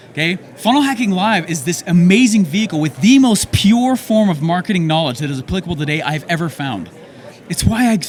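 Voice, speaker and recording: A young man giving an energetic, excitable motivational talk to an audience on a handheld microphone, often tagging his points with "okay?". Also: a little high. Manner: energetic, excitable, fast-talking with frequent "okay?" tags. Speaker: event speaker.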